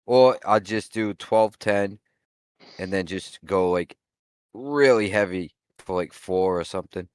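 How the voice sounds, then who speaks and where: Crude, blunt man with a lowish voice on a dry voice call. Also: measured pace, clear, resonant tone, dry recording. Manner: crude, blunt, swears freely. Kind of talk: casual chat on a voice call.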